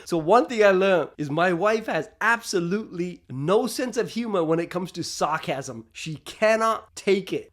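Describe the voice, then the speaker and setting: An older man from England, telling marriage stories in a casual monologue, laughing often and acting out both sides of arguments. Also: sits high. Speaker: relationship vlogger.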